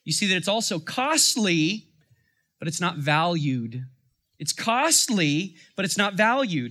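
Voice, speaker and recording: A man's voice: sits high, very animated, a little slow, pushed and bright. A man, a father of young children, preaching a sermon in a conversational style that rises into emphatic bursts. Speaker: pastor.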